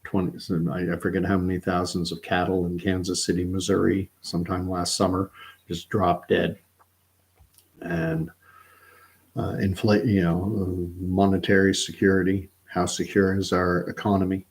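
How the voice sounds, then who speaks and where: A man's voice: low-pitched, fairly even intonation, normal speed, gravelly. A middle-aged man hosting a livestream, talking through his views in a rambling, earnest way, often correcting himself mid-sentence. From Canada. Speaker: livestream host. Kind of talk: casual opinion monologue.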